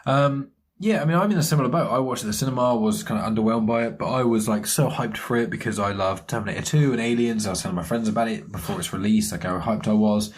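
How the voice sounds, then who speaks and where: A man hosting a podcast, talking casually and relaxed, often hesitating and restarting. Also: fairly low pitch, fast talker, few pauses, slightly rough. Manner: relaxed, hesitant, lots of fillers. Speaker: podcast host. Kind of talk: casual chat.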